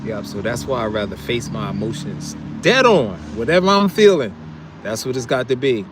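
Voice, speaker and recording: A middle-aged man hosting a casual live stream outdoors, chatting and reading viewer comments, laughing often and trailing off into low mumbles. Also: very animated, moderate pace, noisy background.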